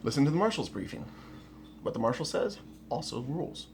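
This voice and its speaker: Man at home explaining melee tactics; gravelly, mid-range voice, blunt and repetitive. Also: mid-range voice, very animated, brisk, a little hiss or hum. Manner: emphatic, blunt, repeats key words, restarts often. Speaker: rapier melee instructor. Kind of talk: casual instructional talk to camera. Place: at home, indoors.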